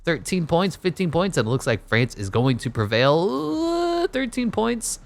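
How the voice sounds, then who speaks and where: A man's voice: on the high side, big pitch swings, unhurried, vocal fry. A man giving casual play-by-play commentary over a basketball video game, with wry joking asides. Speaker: gaming YouTuber.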